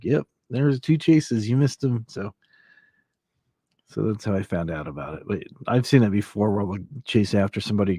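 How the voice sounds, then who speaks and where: Low, mellow man on a late-night stream. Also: no echo, clean studio sound. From Southern California. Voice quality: slightly scratchy. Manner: rambling, laughs often, chats with viewers. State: scratchy throat from allergies. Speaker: livestream host. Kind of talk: casual late-night chat. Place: old house.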